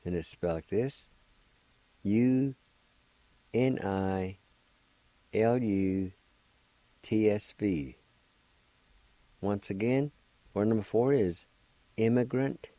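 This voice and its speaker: A language teacher hosting a radio lesson speaks slowly in a lowish, dark voice, leaving long pauses. He spells words out letter by letter and patiently repeats each syllable. The audio is poor, though there's no echo.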